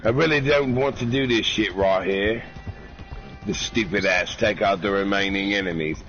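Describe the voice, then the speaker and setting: A man's voice: lowish voice, normal speed, a bit bright. A man streaming a game with a friend, swearing freely and retelling stories in funny voices. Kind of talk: crude casual gaming banter. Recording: dull lo-fi stream with game music.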